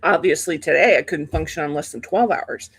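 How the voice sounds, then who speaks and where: A woman's voice: low-pitched, brisk, breathy edge. A woman hosting a casual livestream, chatting to viewers in a rambling way with many fillers, sleepy and yawning. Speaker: livestream host.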